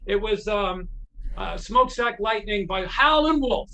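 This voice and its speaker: High-voiced man telling animated stories. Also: a little slow. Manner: animated, acts out quoted voices, frequent restarts. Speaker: guest, guitar repair technician. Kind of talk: anecdotal storytelling in a conversation.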